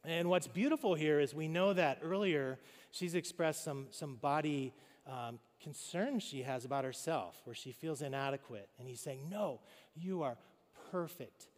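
A man's voice: on the high side, moderate pace, long reverb tail. A man preaching a sermon, speaking conversationally and with animation, addressing the congregation directly. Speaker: pastor.

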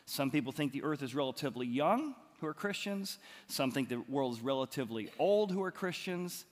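A man's voice: medium pitch, lively intonation, a little fast. A man, a pastor, giving a sermon in a conversational storytelling way with emphatic rises. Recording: long hall reverb.

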